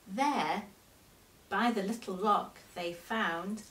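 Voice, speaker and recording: A woman reading a children's bedtime story aloud in a slow, expressive way. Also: medium pitch, distant mic. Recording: echoey room.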